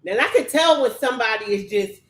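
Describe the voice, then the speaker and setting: A woman's voice: fairly high pitch, expressive, fast talker, reverberant, poor audio. A woman co-hosting a casual show recap, giving emphatic opinions. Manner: chatty, emphatic commentary. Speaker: co-host.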